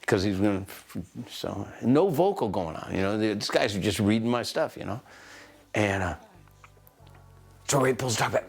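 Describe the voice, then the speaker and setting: A man in his sixties, a composer recounting a studio session in an animated, rambling way. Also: fairly low pitch, normal speed, creaky, husky, soft background music. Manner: animated storyteller, full of "you know" and "man". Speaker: composer telling a story. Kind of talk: anecdotal interview.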